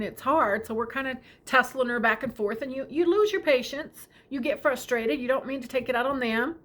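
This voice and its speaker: A middle-aged woman telling a personal family story, tender and unhurried, often sinking to a whisper. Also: fairly high pitch, fairly bright tone.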